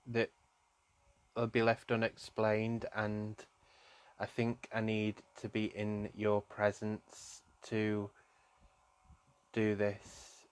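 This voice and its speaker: A man, a psychic medium, gives a live-streamed tarot reading, speaking softly and affectionately to his viewers and calling them "my darling". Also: lowish voice, clean tone, no room sound. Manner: gently emotional, soft-spoken.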